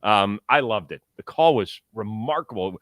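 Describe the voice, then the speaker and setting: A man's voice: on the low side, expressive, normal speed, fairly bright tone, no echo. A man hosting a sports talk show, chatting about baseball in an enthusiastic, joking way and reading ads. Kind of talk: casual sports talk and ad read.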